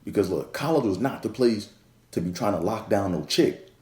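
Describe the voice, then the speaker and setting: A man's voice: fairly low pitch, animated, moderate pace, a little mellow, natural voice. A man playing a blunt version of himself who crudely scolds and mocks his younger self. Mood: scolding. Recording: echoey room.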